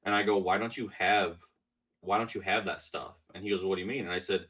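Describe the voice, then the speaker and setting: A man's voice: low-pitched, fairly even intonation, brisk, fairly bright tone, breathy edge, distant mic. A man telling stories in a casual podcast chat, rambling with many fillers and restarts. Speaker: podcast guest.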